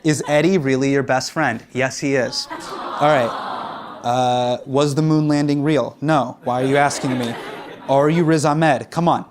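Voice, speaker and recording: A man with a medium-pitched, slightly slow voice hosts a comedy show on a studio stage, fielding audience questions amid plenty of laughter. He's animated, laughs often, and acts out quotes. A crowd can be heard behind him, and the recording carries loud audience and background noise.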